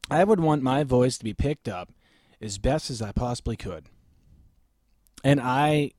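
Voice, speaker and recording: Brief: deep-voiced man, gear reviewer, blunt and opinionated, close studio mic, very dry sound. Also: a little mellow, no echo. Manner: blunt and opinionated, with frequent "okay?" check-ins. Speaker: microphone reviewer. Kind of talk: casual gear review vlog. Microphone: close studio microphone.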